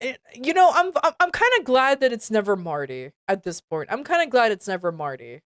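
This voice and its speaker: A woman's voice: a little high, sing-song, brisk, no echo, clean studio sound. A woman streamer reading a fan fiction aloud with commentary, stumbling over words and sounding exasperated.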